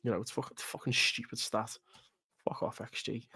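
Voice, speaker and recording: A man chats on a live football watchalong stream. He rants bluntly, swears freely and laughs at his own points. His mid-pitched voice sounds dry and close to the mic. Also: flat delivery, brisk, bright, forceful tone, slightly rough, dry recording. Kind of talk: casual live stream chat.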